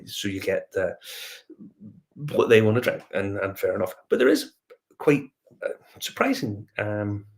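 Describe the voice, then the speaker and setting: Northern Irish man, lowish voice, casual rambling host chat with lots of ums. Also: gravelly. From Northern Ireland. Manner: rambling anecdotal storytelling with many fillers and restarts. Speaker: whiskey review host.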